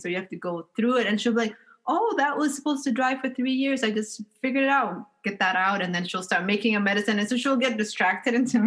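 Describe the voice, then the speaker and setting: A woman from Somalia speaks as a podcast guest at a medium pitch. She tells childhood stories in a relaxed, conversational way. She is animated and often breaks into laughter. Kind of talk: casual storytelling.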